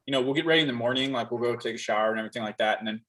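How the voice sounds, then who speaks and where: A man's voice: mid-range voice, very fast, rough recording. A man co-hosting a live stream, chatting casually and acting out funny stories with little put-on voices. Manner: animated storyteller, acts out lines in voices. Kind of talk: casual chat.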